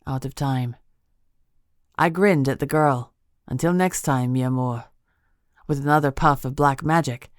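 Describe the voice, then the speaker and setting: A woman narrating a fantasy audiobook in the first person, measured and expressive. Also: a bass voice, no room sound, clean studio sound.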